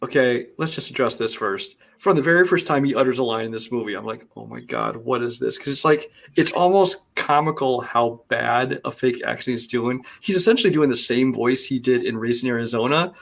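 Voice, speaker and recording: A man's voice: mid-range voice, a little fast, few pauses, a bit bright. A man co-hosting a casual movie podcast, critiquing a film in a rambling way with many fillers. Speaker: podcast co-host.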